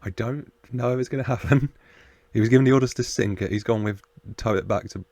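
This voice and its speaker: A man's voice: mid-range voice, fast talker, a little mellow, no echo. A man hosting a reaction video, chatting casually, laughing often and talking back to the screen.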